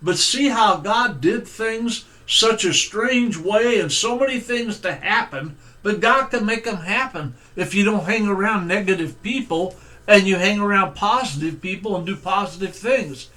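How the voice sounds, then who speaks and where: A middle-aged male preacher telling a personal story in a folksy, conversational sermon, with fillers and pauses. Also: sits high, sharp tone.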